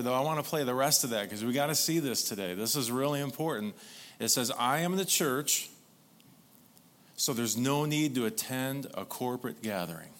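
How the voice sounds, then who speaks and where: A man's voice: medium pitch, fairly bright tone. Man preaching with congregation call-outs. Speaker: pastor. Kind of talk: sermon.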